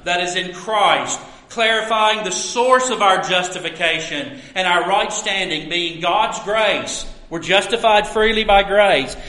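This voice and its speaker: High, bright-voiced preaching man. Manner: earnest, emphatic preaching with drawn-out stresses. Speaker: pastor. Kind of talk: sermon. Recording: echoey room.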